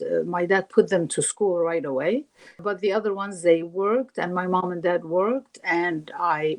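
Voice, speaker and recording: Lower-pitched woman from Syria, animated storyteller. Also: rough recording. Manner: animated, acts out quoted voices while telling stories. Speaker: singer and guest. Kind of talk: casual interview storytelling.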